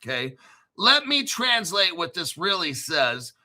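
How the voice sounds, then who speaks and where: Hyped, profane man with bright voice. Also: high voice, big pitch swings, a little slow. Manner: profane, hyped, keeps clearing throat. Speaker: crypto show host. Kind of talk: excitable solo commentary stream.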